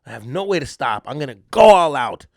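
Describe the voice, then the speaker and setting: Brief: male comedian-host, lively storyteller, gravelly tone, close dry podcast mic. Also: mid-range voice, brisk, dry recording. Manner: animated, mixes Spanish slang into English, says "dude" a lot. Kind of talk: comic storytelling.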